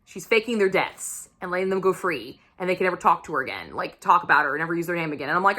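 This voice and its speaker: A woman book vlogger giving a casual weekly reading update, excitable and gushing, swearing freely as she talks. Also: on the low side, racing, few pauses.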